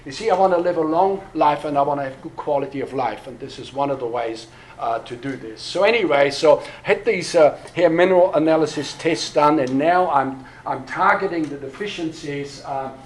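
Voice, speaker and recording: A man's voice: a little high, normal speed, slight background noise, low-quality recording. A man, telling a long personal story at a church workshop, full of fillers and restarts. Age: 60s. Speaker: pastor. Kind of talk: workshop talk to a church audience.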